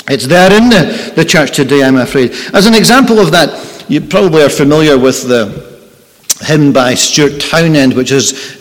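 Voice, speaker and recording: A man preaching a sermon, earnest and emphatic, repeating his key phrases. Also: medium pitch. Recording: long reverb in a large hall.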